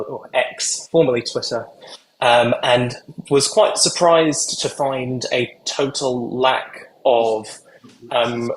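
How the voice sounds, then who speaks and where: A man asking a question at a formal meeting over a video call, speaking hesitantly with many pauses and ums. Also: medium pitch, reverberant, slight background noise, rough recording.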